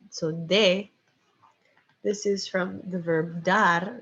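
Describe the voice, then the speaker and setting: A woman teaches a recorded Spanish lesson, slow and patient, often pausing on "okay" and "um". Her voice is gravelly and a touch husky. The recording is dull and lo-fi. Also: lowish voice. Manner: patient, step-by-step explaining with frequent "okay" and "um". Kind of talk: recorded lecture with slides.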